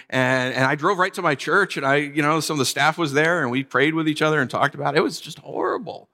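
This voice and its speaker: Male pastor, 40s, conversational sermon delivery, forceful bright tone, church hall reverb. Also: on the high side. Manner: storytelling, conversational, dropping to quiet for sad moments.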